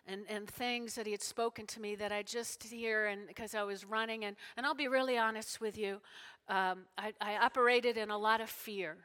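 A middle-aged woman pastor preaching to her congregation, folksy, emotional and dropping into soft whispered prayers. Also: medium pitch, steady tone, normal speed, smooth. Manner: folksy, talks to congregation as y'all. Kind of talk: sermon.

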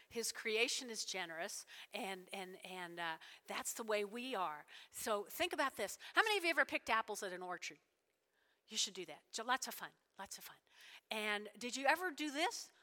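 A woman preaches a sermon with animated energy. Her voice is bright and sits somewhat high, and she keeps asking her listeners "all right?" and "right?". The sound rings out with the long reverb of a church hall. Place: church sanctuary.

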